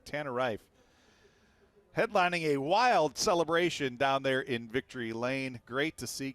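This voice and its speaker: A man's voice: on the low side, a bit bright. A man calling a race on a live broadcast, enthusiastic and full of exclamations, speaking from the broadcast booth. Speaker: race commentator.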